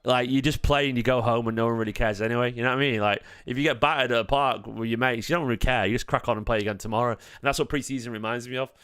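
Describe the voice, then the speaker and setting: A man hosting a live football watchalong, chatty and jokey, quick to get excited. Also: medium pitch, clear, resonant tone, no room sound, clean studio sound. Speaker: fan channel host.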